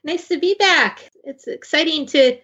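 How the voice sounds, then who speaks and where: A woman guest on a radio talk show, explaining carriage driving certification with many pauses and restarts. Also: high voice, fairly bright tone, highs cut off. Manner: hesitant, many fillers and restarts. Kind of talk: casual radio interview.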